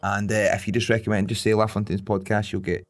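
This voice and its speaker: A man's voice: on the low side, little pitch movement, fast. A man in his thirties, co-hosting a podcast and telling jokey stories in casual chat over faint music. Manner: jokey storytelling, laughs at own puns. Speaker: podcast co-host.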